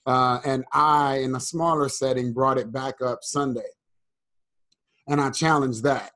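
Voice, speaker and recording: A man with a mid-pitched voice, a guest on a podcast who talks reflectively and earnestly. He works through his thoughts step by step as he explains them. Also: steady tone, a little slow, sharp tone. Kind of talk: casual podcast conversation.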